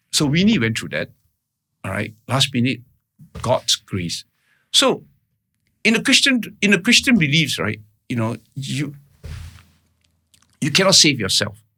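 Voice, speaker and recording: A man's voice: mid-range voice, big pitch swings, unhurried, pauses often, pushed and bright, slightly rough. A man speaking as a guest in an interview, telling a personal story in earnest, plain words and often checking in with "right?". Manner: keeps checking in with "right?" and "all right?"; earnest, plain-spoken retelling.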